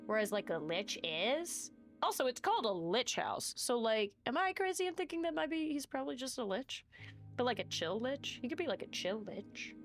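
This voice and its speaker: A woman's voice: on the high side, very animated, normal speed, soft background music. A young woman streaming a game, chatting playfully and rambling with lots of fillers. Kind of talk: casual gameplay commentary.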